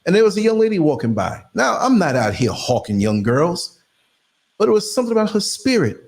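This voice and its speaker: A middle-aged man from New York City hosts a podcast in an easygoing chat. His voice sits a little high and rises and falls widely. He slips into the voices of the people in his stories as he tells them. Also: fairly quick. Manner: animated storyteller, acts out quoted voices. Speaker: podcast host. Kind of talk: casual conversation.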